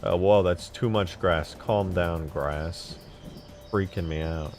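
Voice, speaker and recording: A man casually chatting on a live stream about modding a game, excitable and profane, with sudden loud outbursts. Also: low voice, slow pace, faint music behind. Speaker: game modder streaming his work.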